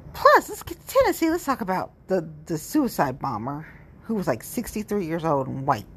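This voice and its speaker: A woman's voice: sits low, fairly bright tone, slight background noise. A woman in her forties giving a rambling, blunt and profane monologue to camera. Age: 40s. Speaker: vlogger. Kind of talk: candid monologue.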